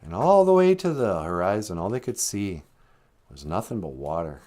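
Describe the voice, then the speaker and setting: A man telling a traditional story in a relaxed, conversational way, with dramatic drops in volume. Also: low-pitched, normal speed. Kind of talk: live-streamed oral storytelling.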